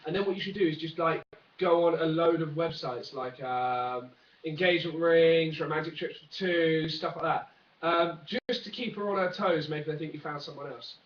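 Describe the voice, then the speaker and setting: A man's voice: fairly high pitch, normal speed, a little hiss or hum. A young man rambling through a jokey, one-take comic news rant, full of fillers and asides. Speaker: vlogger. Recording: dull, roomy, from a distance.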